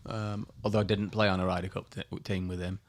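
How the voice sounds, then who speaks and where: A middle-aged man, a former pro golfer and podcast guest, telling a story in a lively way and laughing as he goes. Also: low voice, quick pace.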